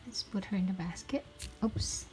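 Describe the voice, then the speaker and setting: A medium-pitched female voice, darkish and with a breathy edge, moves at a moderate pace as this young unboxing host chats, giggles and exclaims happily. Faint music sits behind her, the audio is poor, and packaging crinkles and clicks throughout.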